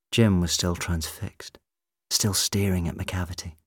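A man reads the story aloud in a very deep, husky voice, measured and steady. The sound is dry and close, with no room around it. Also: no echo. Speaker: audiobook narrator. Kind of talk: scripted narration.

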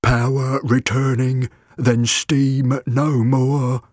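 A man's voice: medium pitch, level tone, a little mellow, slightly rough, no echo, studio quality, voice pushed up. A man doing a grating metallic robot. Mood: flat menace. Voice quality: metallic, scraping. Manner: slow clipped broken phrases.

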